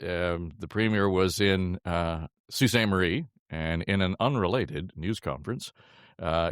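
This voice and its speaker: A man's voice: deep voice, dry recording, studio quality. An older man hosting a political podcast panel in an easygoing, chuckling way. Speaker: podcast host. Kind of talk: casual panel chat.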